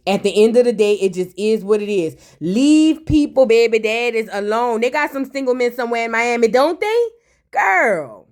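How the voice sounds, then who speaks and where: A woman's voice: fairly high pitch, animated, normal speed, darkish tone. A woman giving a blunt, sassy, casual recap of a reality TV episode, throwing in mocking asides and slang.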